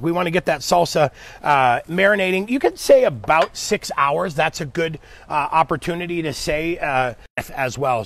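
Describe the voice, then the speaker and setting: A man's voice: on the high side, creaky, no echo. A man hosting a live cooking demo, chatting upbeat with viewers and his helper as he cooks. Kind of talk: live cooking stream, casual chat.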